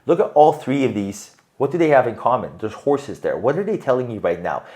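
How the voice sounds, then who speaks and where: Male tarot reader, mid-pitched, animated and emphatic, talks straight to the viewer. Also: brisk. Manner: animated, emphatic, keeps asking "right?". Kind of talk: tarot reading monologue.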